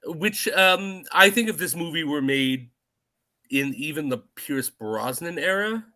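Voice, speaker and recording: A man co-hosting a casual film podcast, animated, laughing often and swearing casually. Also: a little high, unhurried. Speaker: podcast co-host.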